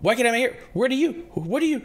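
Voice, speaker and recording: A man's voice: very high voice, very animated, fast talker, pitched above the performer's own voice, heavily acted. A man voicing a panicked, lost young girl spirit who stammers and repeats frantic questions. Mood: frightened.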